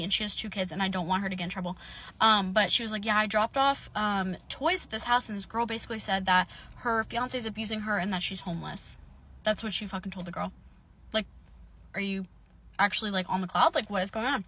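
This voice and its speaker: A woman's voice: a little high, sharp tone. A young woman telling a long story straight to camera, angry and swearing, rambling with lots of fillers. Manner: angry, swearing, fast rambling with many likes. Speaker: vlogger telling a roommate story. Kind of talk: casual storytime rant.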